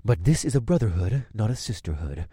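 A sly, weaselly man sneers and grumbles his objections, as a male narrator puts him on. His pitch moves a lot. The sound is dry and close. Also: sing-song, brisk, dark tone, husky, no echo. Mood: condescending. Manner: grudging, sneering.

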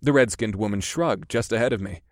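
Low-voiced man narrating an audiobook. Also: dry recording, studio quality. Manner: steady, measured storytelling. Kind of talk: first-person audiobook narration.

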